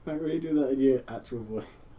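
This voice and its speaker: A man in casual banter, directing a friend's voice recording and teasing him with quick notes. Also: mid-range voice, mellow, dull audio.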